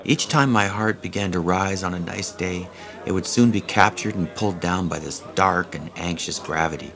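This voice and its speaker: Low-voiced male narrator for a self-help read; plainspoken, wry, a bit salty. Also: normal speed, crowd noise. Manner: candid, wry, conversational, with casual swearing. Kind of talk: first-person audiobook narration.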